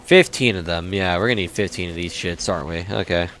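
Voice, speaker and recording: A man's voice: low-pitched, fast talker, a bit bright, slight background noise. A young man casually commenting while playing a video game, swearing often and grumbling at the game. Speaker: gaming YouTuber. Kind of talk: casual let's-play commentary.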